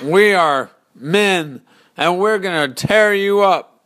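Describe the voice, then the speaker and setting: A man voicing a crowd of big, bearded brutish male warriors in a spoken story, taunting loudly and mockingly. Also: high-pitched, slow pace, voice pushed up.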